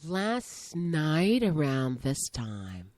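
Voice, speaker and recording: A woman co-hosting a casual chat podcast, teasing and animated, sometimes dropping to a murmur. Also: sits low, drawn-out words, no echo, studio quality. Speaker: podcast co-host.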